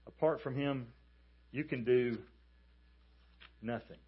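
A man preaching a sermon as a pastor, emphatic and animated as he tells a story. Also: medium pitch, takes it slowly, husky, muffled recording. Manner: emphatic, animated storytelling with calls for the congregation to repeat.

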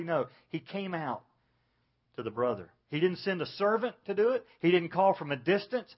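A pastor preaching an earnest sermon, dropping low and soft to stress his points. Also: animated, moderate pace, husky, muffled recording.

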